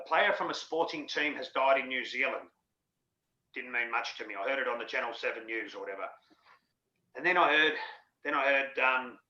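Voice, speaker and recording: This middle-aged Australian man rambles through his memories with an earthy, candid manner and the odd swear word. His voice has a bright, forceful edge. The recording is dull and lo-fi, with a noticeable room echo. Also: medium pitch. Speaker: interview guest, former rugby league player. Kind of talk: candid storytelling. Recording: dull lo-fi sound in an echoey room.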